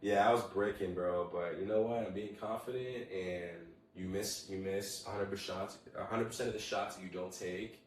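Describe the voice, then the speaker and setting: A young man hosting a casual solo podcast, telling animated stories with lots of swearing and acting out what people said. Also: sits low, normal speed, hardly any pauses, recorded from a distance, slight background noise. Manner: animated storytelling, heavy swearing, acts out quotes. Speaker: podcast host. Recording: very echoey room, voice away from mic.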